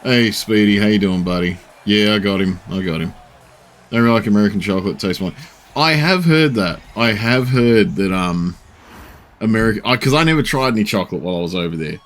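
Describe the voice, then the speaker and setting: A man, chatting casually and rambling while streaming, swearing now and then and filling pauses with um and uh. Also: fairly low pitch. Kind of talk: casual live-stream chat.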